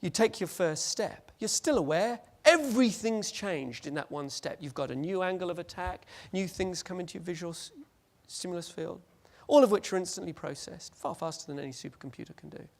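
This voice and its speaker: A man giving a lively, joking conference presentation and acting out little scenes. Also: high-pitched, brisk, few pauses. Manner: animated, jokey, acts out scenes. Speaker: conference speaker.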